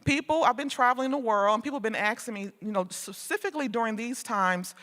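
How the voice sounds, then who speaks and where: A woman artist leading a gratitude meditation with a slow, lulling, repetitive delivery at a symposium. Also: fairly high pitch, fairly bright tone. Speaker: artist speaker. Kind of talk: guided gratitude meditation talk. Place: large hall at a symposium. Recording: long reverb of a large hall.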